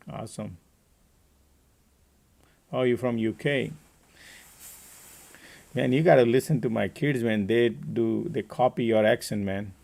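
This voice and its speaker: A man's voice: mid-range voice, creaky, darkish tone. A man hosting a live trading stream, giving casual market commentary and chatting with viewers by name.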